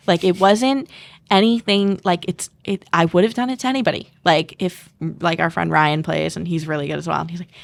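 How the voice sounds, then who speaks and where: A woman's voice: on the low side, fairly even intonation, normal speed, vocal fry, no echo. A young woman talking as a podcast guest, chatty and full of fillers, acting out what others said. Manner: chatty, many fillers, acts out quotes. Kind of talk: casual chat.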